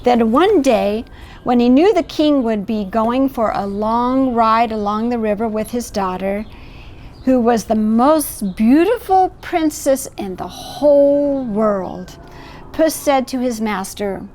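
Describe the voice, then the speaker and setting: This volunteer storyteller, a middle-aged woman, has a fairly high, expressive voice and reads slowly, with a faint hiss or hum on the recording. She stops now and then to show the pictures and make warm asides about the picture book.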